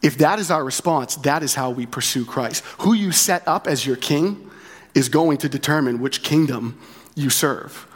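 At a moderate pace and in a voice a bit on the high side, a man gives a sermon as pastor. He speaks conversationally, echoes key phrases, and regularly asks "right?"

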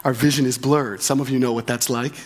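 A man in the pulpit preaching to his church in a middle-range voice. He talks casually and directly, often checking in with a quick question. He repeats his main points for emphasis. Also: mid-range voice, fairly even intonation. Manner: conversational, with frequent tag questions; repeats key phrases for emphasis. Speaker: pastor. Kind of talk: sermon.

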